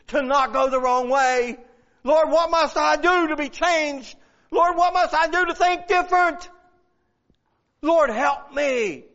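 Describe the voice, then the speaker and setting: A man's voice: very high-pitched, a bit bright. A man preaching a fervent sermon, reading scripture aloud and pleading in prayer. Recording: dull lo-fi recording.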